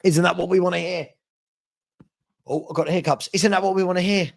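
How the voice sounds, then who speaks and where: Chatty male stream host, slightly high voice with some fry. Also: fairly even intonation, fairly quick. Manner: chatty, thanks viewers by name. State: hiccups. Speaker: fan channel host. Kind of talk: casual live-stream chat.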